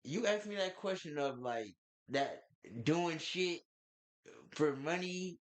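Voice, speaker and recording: A man's voice: fairly high pitch, slow. A man reacting to a clip on a live stream, slangy and loose, swearing freely. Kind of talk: casual live-stream chat.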